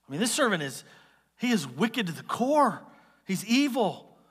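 A male pastor preaching a sermon, explaining scripture in an animated, conversational way with quick asides. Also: high voice, breathy edge, big-room sound. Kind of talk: expository sermon.

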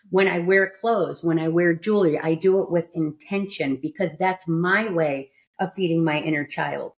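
A woman's voice: on the low side, normal speed, few pauses. Candid, emphatic woman podcast host. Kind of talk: casual podcast chat. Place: studio.

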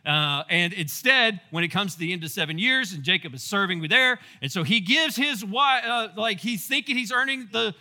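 A male pastor giving a casual Bible teaching, telling the story in a playful, animated way with asides to the congregation. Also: sits high, normal speed, few pauses.

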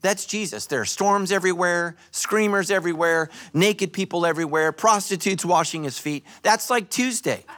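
A male pastor giving a sermon at a church service, joking and telling animated stories. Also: high-pitched, moderate pace, few pauses. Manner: animated, joking, storytelling preacher.

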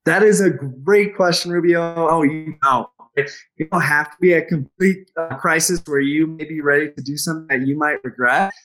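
Upbeat higher-voiced male co-host. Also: steady tone, normal speed, fairly bright tone, faint music behind. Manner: upbeat and enthusiastic. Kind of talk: casual podcast chat.

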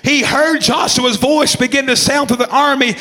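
A man in his twenties preaching a fervent sermon, repeating phrases, shouting some lines and calling on listeners by name. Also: very high voice, steady tone, moderate pace. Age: 20s. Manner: calls out congregation members by name.

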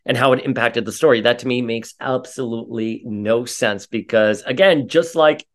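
A man giving opinionated casual commentary, animated and ranting, his voice rising sharply when he gets riled. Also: mid-range voice, normal speed.

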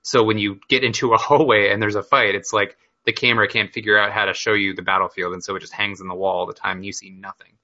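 A man on a casual gaming podcast, giving opinionated, animated takes on games. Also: on the low side, fast talker, muffled recording. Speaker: podcast co-host.

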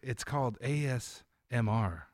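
A man's voice: mid-range voice, animated, measured pace, dry recording, studio quality. A man who is a podcast guest, talking in a loose, rambling, casual way and leaning on "like" as he goes. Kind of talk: casual chat.

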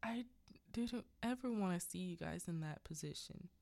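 A woman voicing a frightened father just woken from a nightmare, in a hushed, trembling whisper. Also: lowish voice, expressive, moderate pace, vocal fry. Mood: shaken whisper. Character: shaken, whimpering adult father waking from a nightmare.

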